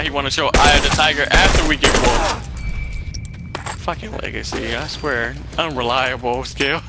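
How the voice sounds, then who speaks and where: A man's voice: mid-range voice, moderate pace, loud music behind the voice, rough recording. A young man giving live gameplay commentary, ranting and swearing in exasperation at his teammate. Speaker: gamer.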